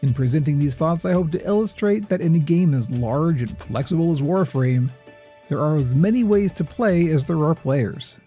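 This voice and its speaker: A man hosts with measured, lofty scripted narration that leans a bit pretentious. His voice is mellow and warm, lifting and falling in a lively way. Faint music plays behind. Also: a little high. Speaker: gaming video host.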